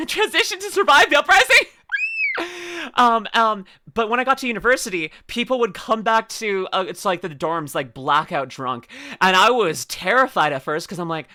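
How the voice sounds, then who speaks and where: Woman, reaction streamer, giggly and rambling, bright voice, lively pitch. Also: a little fast. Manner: giggly, rambling, lots of restarts and trailing asides. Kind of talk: casual reaction commentary.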